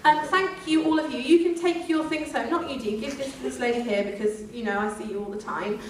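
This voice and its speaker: Woman performer, playful and bright-pitched, teasing a live crowd; distant phone audio, roomy and noisy. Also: fast. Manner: playful, animated, teasing the audience. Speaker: performer addressing a live audience. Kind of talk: whimsical live comedy storytelling. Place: live venue with audience. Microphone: phone in the audience. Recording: distant phone recording in an echoey room with noise.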